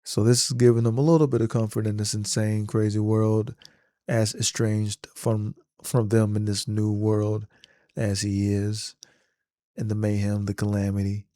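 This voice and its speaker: A man's voice: lowish voice, moderate pace, no room sound, clean studio sound. Slangy man retelling a movie scene. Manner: animated slangy storytelling. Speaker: vlogger.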